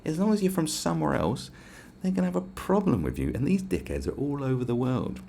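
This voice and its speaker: Here a young man from England hosts a podcast in a fairly high-pitched voice, a little fast, with vocal fry and a faint hiss or hum. Animated and swearing, he rants casually through his stories and acts out quotes in raised voices.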